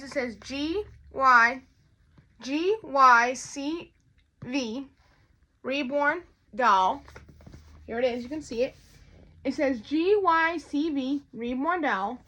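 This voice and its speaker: A woman's voice: sits high, bright, forceful tone. A woman, chatting to her viewers in an unboxing vlog, often repeating herself. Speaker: vlogger.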